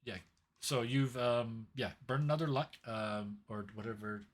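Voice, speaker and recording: A man's voice: mid-range voice, measured pace. A young adult man narrating a tabletop game as game master, storytelling with added sound effects.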